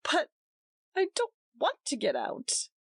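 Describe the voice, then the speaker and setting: A woman's voice: very high-pitched, very animated, normal speed, a bit bright, no room sound, voice pushed up, heavily acted. A woman doing a tearful, pleading young wife. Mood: distraught. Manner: pleading and bitter.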